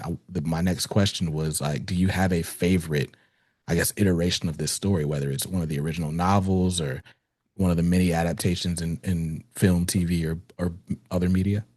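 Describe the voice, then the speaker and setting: A man's voice: low voice, darkish tone, husky, no room sound, studio quality. A man hosting a casual comics podcast interview, easygoing and loose, asking open questions with lots of filler words. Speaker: podcast host.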